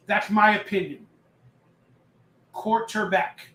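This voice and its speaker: A bright, high-voiced man hosting a loose live stream, chatting and reading viewer comments aloud. His voice rings out in an echoey room, relaxed and rambling. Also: normal speed. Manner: chatty, reads chat aloud, jokes and rambles. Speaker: livestream host. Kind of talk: casual live-stream chat.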